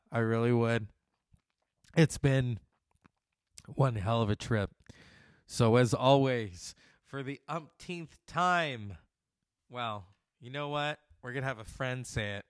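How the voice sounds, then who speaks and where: A man's voice: mid-range voice, takes it slowly, long pauses, clean tone, no room sound, studio quality. A man in his forties hosting his own podcast, talking in a loose, profane and self-mocking way. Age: 40s. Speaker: podcast host. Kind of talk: casual solo podcast monologue.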